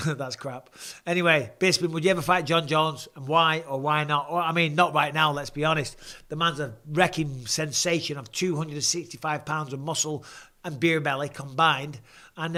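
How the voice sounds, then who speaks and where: A blokey English host in his forties runs a home live stream, swearing casually as he commentates a fight and reads viewers' questions. His voice is a little high, pushed and bright.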